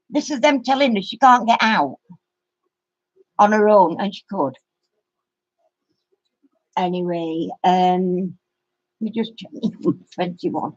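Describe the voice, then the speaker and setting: A woman's voice: medium pitch, takes it slowly, long pauses, no room sound. A middle-aged woman, telling a long story in a casual live-stream chat. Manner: rambling storyteller. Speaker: craft channel host. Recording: dry, muffled lo-fi sound.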